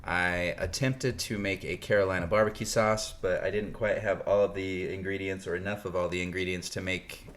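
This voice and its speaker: A man's voice: deep voice, fairly bright tone. A man co-hosting a podcast, chatting casually and explaining things in detail. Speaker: podcast co-host. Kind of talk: casual chat. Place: North Carolina.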